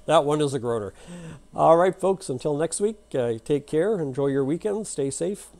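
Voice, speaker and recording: Folksy, mellow-voiced male channel host. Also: fairly high pitch, animated, normal speed. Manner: folksy, chatty, rambling. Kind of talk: casual storytelling and joke telling to camera.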